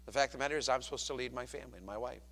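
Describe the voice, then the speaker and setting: A man preaching a sermon as a pastor, animated, swinging from loud to hushed. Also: medium pitch, rapid-fire.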